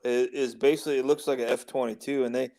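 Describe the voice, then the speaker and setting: A man's voice: mid-range voice, steady tone, fast talker, dark tone. A man from the United States hosting a casual podcast chat, rambling and laughing often. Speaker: show host.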